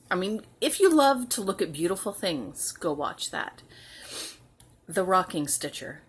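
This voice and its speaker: A woman hosting a home cross-stitch video, chatting casually and sounding tired, with soft asides that trail off. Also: fairly low pitch, breathy edge. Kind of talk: casual chat to camera.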